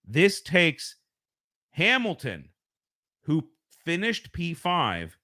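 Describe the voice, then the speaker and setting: A man from the US hosts a relaxed home live stream through a home streaming microphone, his high voice sounding pushed and bright. He rambles in a conversational way and often corrects himself.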